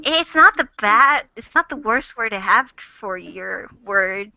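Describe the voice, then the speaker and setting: A woman hosting a casual fan chat, chatty and quick to apologize, with a giggly manner. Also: medium pitch, animated, gravelly, bright, forceful tone. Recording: dull lo-fi dry recording.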